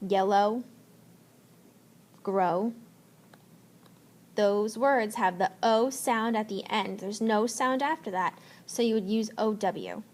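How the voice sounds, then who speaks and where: A woman teacher giving a spelling lesson, slowly and patiently sounding out letters and words. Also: medium pitch.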